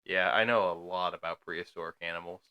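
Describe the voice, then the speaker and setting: A man's voice: low voice, steady tone, fast, clean tone, dull audio. A man co-hosting a podcast in casual chat, rambling with many fillers and restarts. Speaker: podcast co-host.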